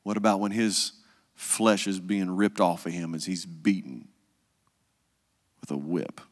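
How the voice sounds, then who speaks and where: A male pastor, preaching a conversational sermon and dropping to a hush for the solemn parts. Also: sits low, fairly even intonation, measured pace, in a large hall. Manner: conversational preaching, acts out quoted voices, drops to hushed tones.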